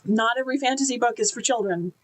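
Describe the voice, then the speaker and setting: A woman's voice: on the high side, fast, low-quality recording. A woman giving an enthusiastic, chatty book review, with casual fillers and restarts.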